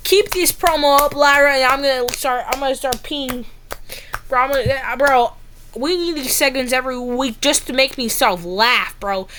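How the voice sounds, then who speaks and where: A woman giving a casual, excitable wrestling recap, ranting and saying "bro" a lot. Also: high voice, normal speed, background noise.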